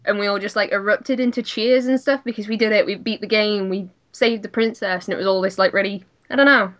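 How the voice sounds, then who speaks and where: A woman's voice: medium pitch, steady tone, fairly quick, a bit bright. Woman reminiscing on a dull-sounding mic. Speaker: podcast co-host. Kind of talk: casual chat.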